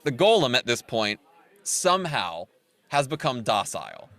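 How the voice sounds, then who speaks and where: A man's voice: mid-range voice, normal speed, no echo. A man co-hosting a podcast, casually retelling a film's plot and acting out its characters' lines. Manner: animated recapping with acted-out quotes. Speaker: podcast co-host.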